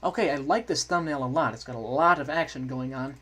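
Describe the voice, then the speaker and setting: A man giving chatty, self-correcting commentary while playing through a game, quickly getting excited. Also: medium pitch, slightly rough. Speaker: gaming video creator. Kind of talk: let's play commentary.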